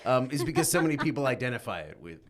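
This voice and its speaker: A man's voice: mid-range voice, very animated, rapid-fire. A man in his forties hosting a casual interview, wry and self-deprecating, laughing often. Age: 40s. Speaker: interview host.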